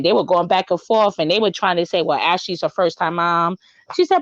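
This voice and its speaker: A woman's voice: mid-range voice, brisk, no echo, lo-fi sound. A woman guest on a podcast, chatting casually and expressively, acting out quotes with dramatic flair. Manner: expressive, dramatic quoting, says "child" a lot. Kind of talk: casual recap chat.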